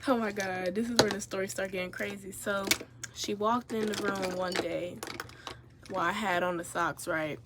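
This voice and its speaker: A young woman telling a story casually as she gets ready on camera, animated and profane, turning loud when she gets riled up. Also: medium pitch, normal speed, heavy background noise. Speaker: vlogger.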